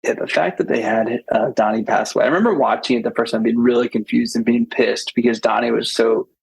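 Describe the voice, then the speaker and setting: Male podcast co-host, mid pitch, raspy fry, rambling enthusiasm. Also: steady tone, quick pace, rough recording. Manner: enthusiastic, rambling, with many restarts. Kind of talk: casual chat.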